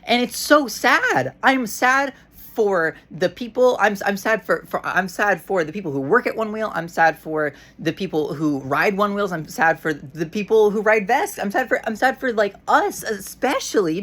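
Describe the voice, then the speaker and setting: A woman's voice: medium pitch, lively intonation, moderate pace, a bit bright. A woman ranting to camera in a casual vlog, heated and frustrated, swearing often and restarting her sentences. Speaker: vlogger.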